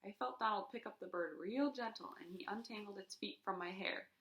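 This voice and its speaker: A woman reads a children's chapter book aloud with lots of expression, performing the sound effects herself. Her voice sits at medium pitch, she reads a little fast, and the room is reverberant.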